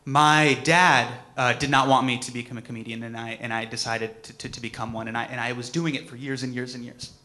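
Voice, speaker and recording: A comedian in his thirties giving a personal tribute speech, telling a story with lively acted-out moments. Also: mid-range voice, brisk, few pauses. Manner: animated storytelling, acts out quotes.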